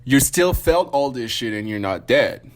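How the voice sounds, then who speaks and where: A man's voice: mid-range voice, animated, a little slow. A young man cohosting a casual podcast chat, laughing often and joking along. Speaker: podcast co-host.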